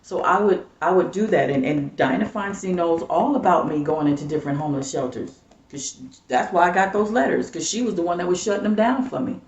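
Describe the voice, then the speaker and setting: A woman's voice: on the low side, expressive, a little fast, a little mellow, slight background noise. A woman vlogger delivering an angry, profane rant to her subscribers, heated and repetitive, calling down judgment. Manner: heated, repetitive, swearing, preachy. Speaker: YouTube vlogger. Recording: roomy, distant, dull lo-fi sound.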